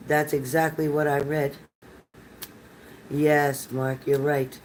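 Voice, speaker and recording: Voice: medium pitch, flat delivery, slow, pauses often, slight background noise, poor audio. An older tarot reader giving live readings to chat viewers in a chatty, rambling, reassuring manner.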